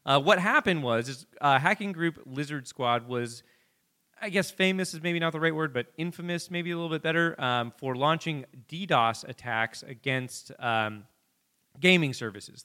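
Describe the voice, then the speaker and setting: A man co-hosting a comedy podcast who rambles through a backstory with lots of ums. His voice sits a little high and sounds bright and forward. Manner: rambling, filler-heavy storytelling. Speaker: podcast co-host. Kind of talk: casual comedic podcast chat.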